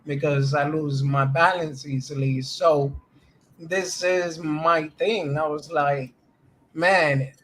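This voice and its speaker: A man chats on a crypto live stream in an unhurried, laid-back way, his voice sitting a bit high. He laughs easily and talks through a plain computer mic on a voice call. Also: steady tone, a crowd in the background. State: voice changes easily, sometimes strained. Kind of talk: casual group chat on a live stream.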